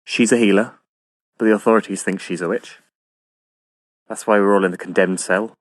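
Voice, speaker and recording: An actor playing a sardonic Scottish outlaw with a put-on, inauthentic Scottish accent, dry and matter-of-fact. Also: male voice, lowish voice, fairly even intonation, normal speed, no room sound, natural voice. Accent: attempted Scottish, not authentic. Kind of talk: comic audio drama acting.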